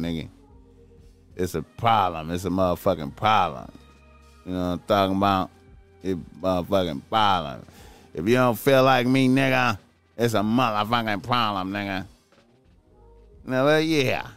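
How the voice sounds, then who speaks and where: A man riffing in profane, rambling casual commentary, circling back over the same phrases again and again. His voice sits fairly low but leaps into high, disbelieving yelps. Soft music plays faintly underneath. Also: clean tone. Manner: rambling, repetitive, bursts into high-pitched incredulous outbursts.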